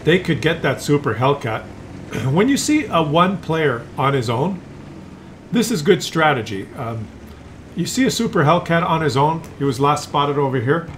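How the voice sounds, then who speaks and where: A man's voice: on the high side, very animated, moderate pace, a little hiss or hum. A man giving casual, chatty commentary on a tank game replay, teasing the player and chuckling with viewers.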